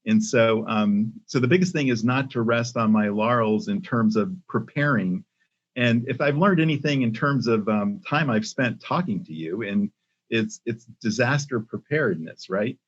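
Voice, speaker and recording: An older man, a company CEO, speaking as a podcast guest in a measured way with many pauses and restarts. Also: mid-range voice, slightly rough. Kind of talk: casual interview talk. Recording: muffled lo-fi audio.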